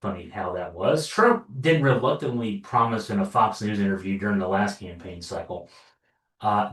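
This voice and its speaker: A man giving sarcastic, loose political commentary with many fillers and restarts, recorded from a distance in an echoey room. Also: fairly low pitch. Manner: sarcastic, wry asides. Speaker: online news commentator. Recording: roomy echo, distant from mic.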